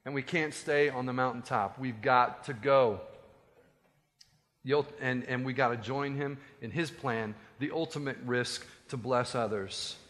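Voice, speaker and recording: Speaking a little slowly in a medium-pitched voice, a pastor gives a lively, conversational sermon full of jokes on the side. Long reverb from the hall surrounds him.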